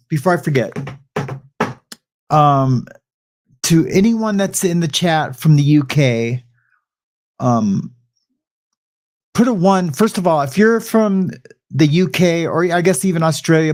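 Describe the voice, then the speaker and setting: A man's voice: a little high, expressive, a little slow, long pauses, a little mellow. A middle-aged man hosting a livestream, chatting loosely with his audience and drifting into a rambling story. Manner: rambling storyteller, frequent restarts and asides. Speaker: livestream host. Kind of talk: casual chat with a live audience.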